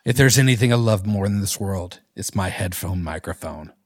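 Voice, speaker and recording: A man impersonating a male country singer who speaks low and breathily, almost whispering. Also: lively intonation, normal speed, no room sound, clean studio sound. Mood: tender.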